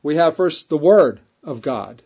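A man's voice: a little high, animated, a little slow, warm tone, husky. A man preaching a sermon, reading King James scripture aloud and repeating key phrases for emphasis. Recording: dull lo-fi recording.

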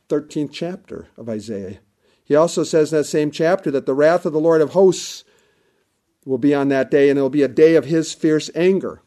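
A man's voice: a little high, a little mellow. A man preaching a sermon with an emphatic, repetitive cadence, quoting scripture at length.

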